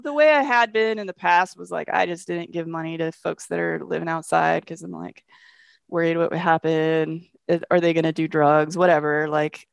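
A woman speaking in a relaxed chat with a gravelly edge to her voice, recorded close and dry. She tells her stories animatedly and acts out the lines of the people in them. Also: low voice, moderate pace, no echo. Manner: animated storyteller, acts out quotes. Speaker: guest, shelter project manager. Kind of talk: casual conversation.

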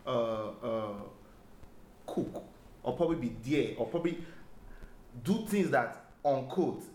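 A man in a casual podcast debate, animated and argumentative, cutting in to make his point. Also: medium pitch, slow, roomy sound, slight background noise. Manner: animated, argumentative, jumps in loudly. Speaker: podcast guest.

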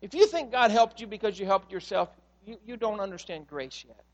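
A man preaching a sermon as pastor, telling stories in an animated way and acting out the voices in them. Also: sits high, brisk, big-room sound, highs cut off. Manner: animated storytelling, acts out voices in quotes.

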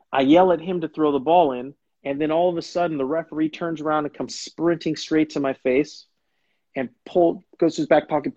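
A man's voice: fairly high pitch, warm tone, no echo, muffled recording. A man hosting a show and casually telling a story, acting out quotes and restarting sentences as he goes. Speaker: show host and former pro soccer player.

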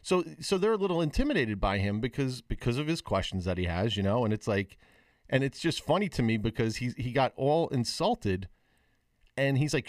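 A man tells a story in a loose, rambling way, stopping and restarting his sentences. His voice sits at an ordinary pitch, and the recording is dry with almost no room sound. He sounds like a podcast co-host chatting over a video call. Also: very animated, fairly quick, no room sound. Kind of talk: casual chat on a video call.

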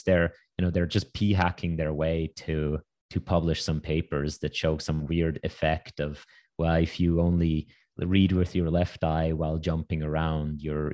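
Deep-voiced man, wry podcast guest. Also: darkish tone. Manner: quick, wry, full of asides. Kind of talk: casual interview chat.

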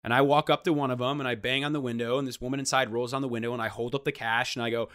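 A man telling a funny story in casual chat, animated and acting out the voices he quotes. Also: mid-range voice, fast. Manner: animated, acts out quoted voices, restarts often. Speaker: guest storyteller.

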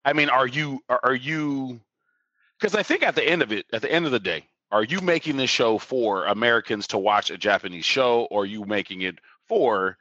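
A podcast co-host, a man who tells stories loosely, swears freely and laughs as he goes. His voice sits low but swings widely, with a bright, forceful edge. The sound is dry and close. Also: lively intonation, normal speed, no echo, lo-fi sound. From Sacramento Valley, California. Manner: loose, profane, laughs while telling stories. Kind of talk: casual storytelling chat.

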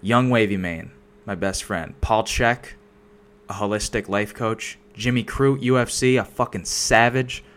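A young man on his own vlog, ranting off the cuff into a desk mic. His voice sits a bit on the low side, and he rambles through restarts and fillers, swearing nearly every sentence. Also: measured pace, a bit bright. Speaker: solo vlogger. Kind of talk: casual unscripted rant. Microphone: desk microphone.

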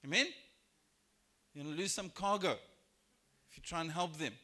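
A man preaching a sermon in church, lively and expressive, acting out biblical characters in raised voices. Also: moderate pace. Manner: animated, acts out quoted voices with rising pitch and volume. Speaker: pastor. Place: church sanctuary.

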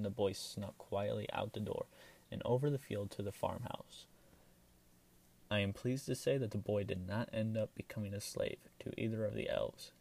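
A man reading a fairy tale aloud in a calm, measured storytelling manner. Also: fairly low pitch, gravelly. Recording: voice from a distance.

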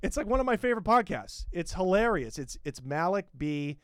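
A man's voice: high voice, very animated, a little fast, a bit bright, smooth, no room sound, clean studio sound. A man hosting a comedy podcast, riffing in a profane, rambling and sarcastic way. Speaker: podcast host.

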